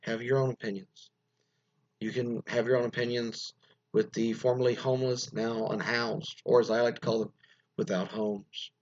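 A man's voice: mid-range voice, level tone, brisk, a little mellow, lo-fi sound. A man from the United States casually talking through the news and his own opinions, rambling with frequent restarts and asides. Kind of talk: casual commentary, reading news aloud.

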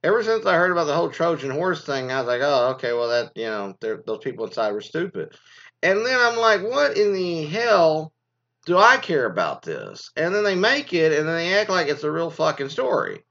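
A man's voice: fairly high pitch, big pitch swings, brisk, a bit bright, dull audio. A man ranting casually in a commentary show, profane and rambling, telling exasperated stories. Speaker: commentary host.

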